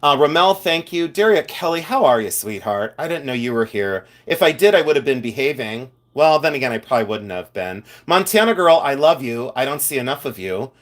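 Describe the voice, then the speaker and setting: A man's voice: medium pitch, animated, fairly quick, few pauses. A man hosting a live stream, chatting casually and playfully with viewers, teasing and laughing often. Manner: chatty and effusive.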